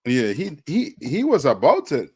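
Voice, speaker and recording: A man's voice: on the high side, huge pitch swings, a little slow, a little mellow, husky, no room sound. A man on a talk show panel, speaking emphatically and repeating "you know what I mean" as he makes his points. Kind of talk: casual opinionated chat.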